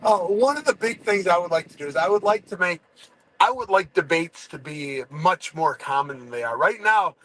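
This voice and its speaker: Man, fairly high voice, halting and restarting in a relaxed podcast chat. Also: poor audio. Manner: frequent restarts and stammering. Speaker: guest, fighter.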